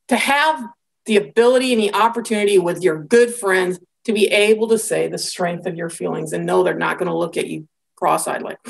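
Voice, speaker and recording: A woman giving a conversational Bible lecture, telling the story in a lively way with casual asides. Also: medium pitch, creaky. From American Midwest.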